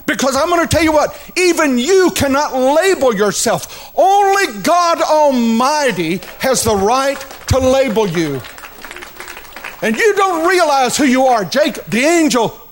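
A man's voice: very high-pitched, very animated, measured pace. A male pastor preaching a sermon, telling a story dramatically and addressing the congregation directly.

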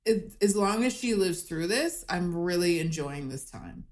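Appearing as a guest on a comedy podcast via video call, a woman tells stories in an animated, chatty way packed with fillers. Her voice is on the low side and a little slow, and the sound is roomy.

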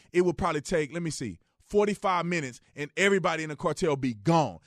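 A male radio talk host with a fairly high voice that leaps all over the place, bursting loud then dropping to murmured asides. He jokes and riffs freely in a dry, close studio sound. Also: quick pace, few pauses, dry recording. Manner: animated, joking, swings from loud outbursts to low asides. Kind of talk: casual opinion commentary.

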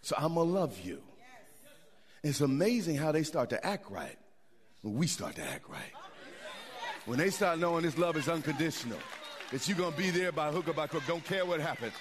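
A middle-aged man preaching a sermon, animated, with repetitions and asides to the congregation. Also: fairly high pitch, fairly quick. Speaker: pastor.

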